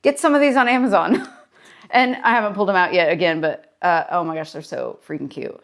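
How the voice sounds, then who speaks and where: A woman's voice: on the low side, a little fast. A woman therapist talking in a casual daily vlog, chatty and encouraging as she tells a story, wearing a personal mic.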